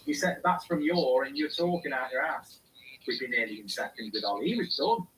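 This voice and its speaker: A man's voice: mid-range voice, expressive, brisk, fairly bright tone. Man, live watchalong host, reads chat comments aloud, casual, a little distant from the mic. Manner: reads viewer comments aloud and answers them.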